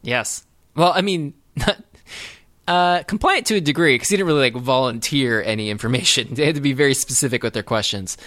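Riffing on a movie with his podcast partner, a man chats casually, rambling, laughing and dropping plenty of fillers. His voice is medium in pitch, slightly bright, and he talks a little fast.

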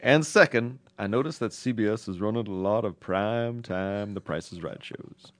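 A man co-hosting a casual podcast, animated and laughing as he reads listener mail aloud slowly. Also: lowish voice. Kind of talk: casual chat.

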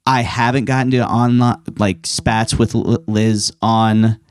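A man's voice: lowish voice, steady tone, a little slow, no room sound, clean studio sound. A man on a podcast as a guest, telling stories in casual chat, with lots of restarts. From New York. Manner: chatty, rambling storyteller with many restarts.

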